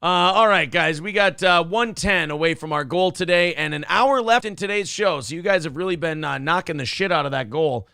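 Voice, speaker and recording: A man's voice: fairly high pitch, a little fast, few pauses, bright, forceful tone, smooth, no room sound, clean studio sound. A man co-hosting a casual livestream show, joking crudely and reading viewer comments aloud. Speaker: co-host.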